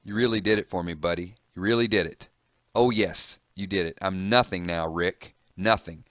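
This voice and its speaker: A man's voice: sits low, moderate pace, a bit bright, dry recording. A man voicing a desperate, unraveling male cop in a comic reading, bitter and pleading, in a dry close recording. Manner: bitter, pleading, voice rising in anguish.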